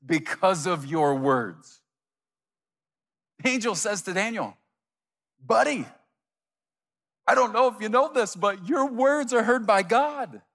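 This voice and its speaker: Animated pastor preaching in a reverberant hall. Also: male voice, fairly high pitch. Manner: animated, acts out imagined voices. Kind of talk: sermon.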